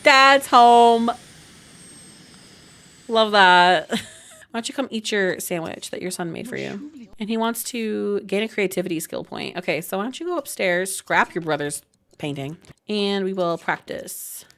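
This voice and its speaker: A woman's voice: medium pitch, normal speed. Giggly woman narrating her life-sim game. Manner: animated, laughs often, exclaims at the game. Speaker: gaming channel host. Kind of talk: casual gameplay commentary.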